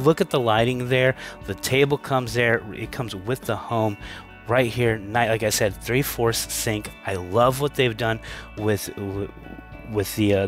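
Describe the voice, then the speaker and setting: Upbeat man giving a home tour. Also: medium pitch. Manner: enthusiastic, upbeat, chatty with filler restarts. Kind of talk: casual walkthrough narration. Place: inside a manufactured home at a show.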